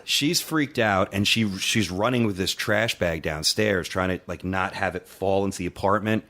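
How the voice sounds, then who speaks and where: Lively low-voiced man telling a story. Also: normal speed. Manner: animated, acts out quotes, swears freely. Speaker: podcast co-host. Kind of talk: casual storytelling chat.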